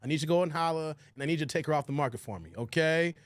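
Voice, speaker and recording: A man hosting a casual reaction livestream, animated and exclamatory, talking straight to his chat. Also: a little high, very fast, no room sound.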